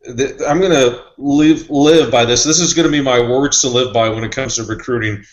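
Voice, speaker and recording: A man's voice: medium pitch, moderate pace, echoey room, muffled recording. A man who reports on sports recruiting, talking in a loose, rambling, conversational way. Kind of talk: casual podcast chat.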